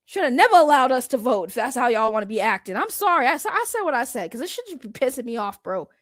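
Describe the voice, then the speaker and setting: A woman's voice: sits high, big pitch swings, fast talker, no room sound, studio quality. A young woman giving a heated, profane commentary rant in blunt, slangy talk. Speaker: commentary YouTuber.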